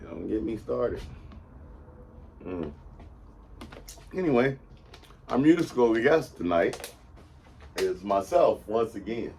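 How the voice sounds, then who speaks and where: A man's voice: fairly low pitch, very animated, drawn-out words, gravelly, long pauses, warm tone, a little hiss or hum. A man in his fifties hosting his own show, talking in a loose, rambling monologue and often tagging his points with a question. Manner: rambling, meandering, often asks "right?". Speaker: show host.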